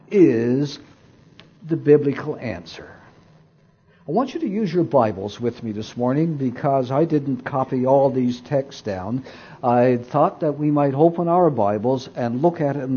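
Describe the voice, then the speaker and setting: Male preacher, slow and animated, storytelling sermon delivery, dull lo-fi recording. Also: on the high side, husky. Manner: storytelling, emphatic and deliberate.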